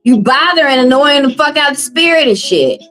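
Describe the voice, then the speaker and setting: A woman's voice: sits high, lively intonation, moderate pace, a bit bright, faint music behind, rough recording. A woman reading tarot live for viewers, talking bluntly and profanely, teasing callers and laughing often. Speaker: tarot reader on a live stream. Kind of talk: casual live-stream chat.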